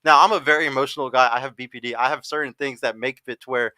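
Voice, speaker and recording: A man's voice: medium pitch, fairly even intonation, bright, forceful tone, clear, resonant tone, no room sound. A young man hosting a podcast panel, talking bluntly and swearing freely in casual chat. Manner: blunt, profane, fast-talking. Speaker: podcast host.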